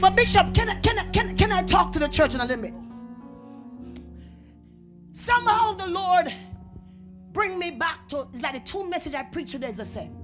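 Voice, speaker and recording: A woman with a Jamaican accent preaching a revival sermon in church, dramatic and call-and-response, building to shouts. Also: extremely high pitch, lively intonation, normal speed, long pauses. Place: church sanctuary. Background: organ or keyboard music.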